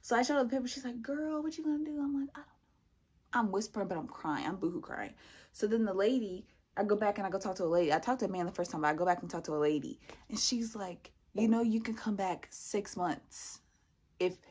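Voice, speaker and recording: A woman's voice: mid-range voice, fast, slightly rough. A young woman telling a personal story in a vlog, acting out the voices of the people in it. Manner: animated, acts out other people's lines. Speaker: vlogger.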